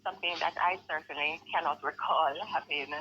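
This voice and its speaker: A woman's voice: sits low, fairly even intonation, brisk. Stuffy-nosed woman on a phone line. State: stuffy from a cold. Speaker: attorney, phone-in guest. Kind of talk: radio phone interview. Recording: dull phone line with light hiss.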